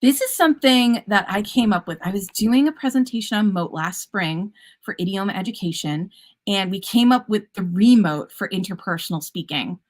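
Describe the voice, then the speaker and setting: A woman teacher speaks at a conference presentation in an upbeat, chatty way. She jokes with light puns as she walks through her classroom methods. Her voice sits at an ordinary middle pitch for a woman. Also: normal speed.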